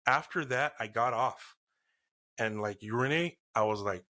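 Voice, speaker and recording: A middle-aged man, a podcast co-host, telling a profane, animated story in casual chat. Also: medium pitch, unhurried.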